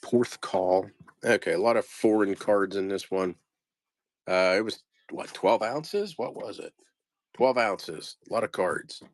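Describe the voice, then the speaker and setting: Guy slowly going thru postcards, lowish voice, kinda mumbly, dry close mic. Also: no echo. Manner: unhurried, muttering place names, trailing off. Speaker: postcard reseller. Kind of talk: casual commentary sorting postcard lots.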